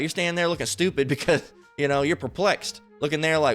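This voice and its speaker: A man's voice: fairly high pitch, fairly bright tone, faint music behind. Rambling, profane man teaching scripture. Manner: rambling, repetitive, profane, keeps asking "all right?"; reads scripture aloud slowly. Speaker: Bible teacher. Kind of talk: informal online Bible teaching.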